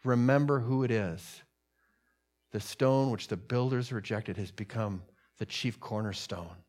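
A man's voice: a little slow, darkish tone. Man preaching with rising fervor. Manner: preaching with swelling emphasis, dropping low for solemn points. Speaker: pastor. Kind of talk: sermon.

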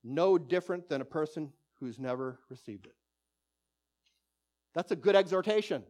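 Male preacher, high voice, fervent exhorting sermon delivery. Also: moderate pace. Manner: exhorting, animated, repeats key phrases. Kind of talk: sermon teaching.

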